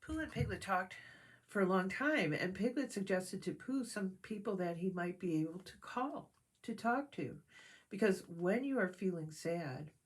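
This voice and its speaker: A woman reading a storybook aloud in a calm, gentle way as a church storyteller. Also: mid-range voice, husky.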